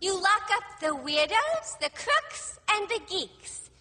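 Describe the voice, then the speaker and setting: A woman voicing a giddy, brash young female villain sidekick with a New York accent, sing-song and broadly hammed, in a 1990s animated series. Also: extremely high pitch, takes it slowly, big-room sound, full character voice. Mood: teasing.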